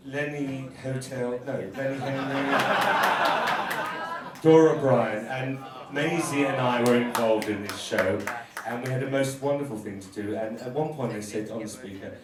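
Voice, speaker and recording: A man's voice: medium pitch, steady tone, normal speed. Camp man roasting in an echoey pub. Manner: camp, bawdy, teasing. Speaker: drag queen comedian. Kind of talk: stand-up roast. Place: live pub venue stage. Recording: echoey venue, mic at a distance. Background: laughing crowd.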